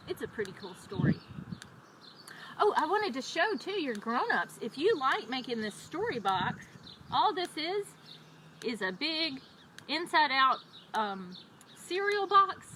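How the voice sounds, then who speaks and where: Casting: female children's librarian, high and very lively storytime voice, noisy recording. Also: measured pace. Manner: expressive, lively storyteller voice for kids. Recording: loud background noise.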